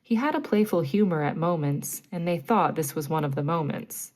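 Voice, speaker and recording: Woman, bedtime story narrator, low pitch, mellow, gentle, clear. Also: animated, moderate pace, few pauses. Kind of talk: calm bedtime story reading.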